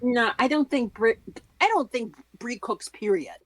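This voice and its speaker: Sassy woman co-host with lively pitch. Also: unhurried, dry recording. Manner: sassy, blunt asides. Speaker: podcast co-host. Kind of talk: casual chat.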